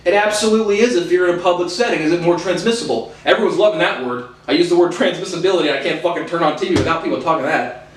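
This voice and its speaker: A man's voice: fairly high pitch, lively intonation, quick pace. A man delivering an angry, profanity-filled rant to his viewers, hurling insults and repeating himself as he restarts phrases. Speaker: video host. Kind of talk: ranting monologue to camera. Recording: roomy sound from a distant mic.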